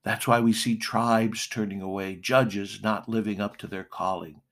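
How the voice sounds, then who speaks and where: Man, pastor, sermon, deliberate, emphatic pauses, low voice. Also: steady tone, a bit bright.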